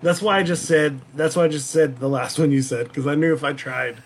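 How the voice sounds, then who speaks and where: A man's voice: a little high, a little fast, very noisy. A man from Texas with a Texan accent, joking as a quiz contestant.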